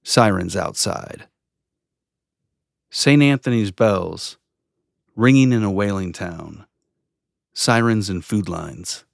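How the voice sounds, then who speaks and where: A man reads his own poem in a very deep voice with a gravelly edge. He takes it slowly and calmly, with a measured, contemplative delivery. The sound is dry and close, with no room around it. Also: no echo. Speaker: poet reading his own work. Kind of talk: slow reflective poetry reading.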